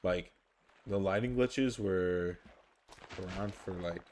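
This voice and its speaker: A man talks over his gameplay in an unhurried, drawn-out way. His voice sits on the lower side, and he rambles, trails off and restarts with plenty of fillers. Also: darkish tone. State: sleepy, yawning. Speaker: gaming YouTuber. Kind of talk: casual gameplay commentary.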